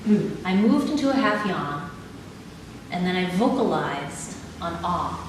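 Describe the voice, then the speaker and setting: A woman leading a live audience through body exercises in a calm, instructive way, laughing easily. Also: fairly low pitch, measured pace. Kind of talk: live talk with guided exercises. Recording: echoey hall, mic at a distance, audible background noise.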